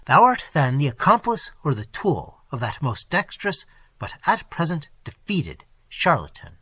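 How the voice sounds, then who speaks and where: A man's voice: on the high side, wildly swooping pitch, normal speed, bright, forceful tone, husky, exaggerated voice. A man reading an audiobook and voicing a haughty, scornful Italian prince who speaks imperiously. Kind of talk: audiobook character voice.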